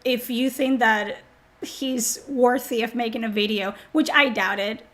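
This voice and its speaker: A woman's voice: fairly high pitch, steady tone, measured pace, a bit bright, slight background noise. A woman streamer talking on a live stream, mocking and sarcastic as she answers chat, swearing often, while sick.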